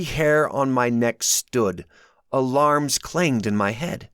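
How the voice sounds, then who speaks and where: A man's voice: fairly low pitch, normal speed, a bit bright, no echo, studio quality. A man reading his own novel aloud in first person, telling the story expressively. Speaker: author narrating his audiobook. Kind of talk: first-person audiobook narration.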